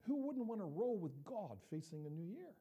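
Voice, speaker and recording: A man's voice: high voice, big pitch swings, normal speed, warm tone, husky. An older man preaching a sermon as pastor, talking conversationally and often checking in with the congregation with asides.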